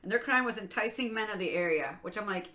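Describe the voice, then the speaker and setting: Giggly woman co-host, bright tense voice, loose rambling storyteller, casual podcast chat. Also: mid-range voice, lively intonation, fast. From Michigan.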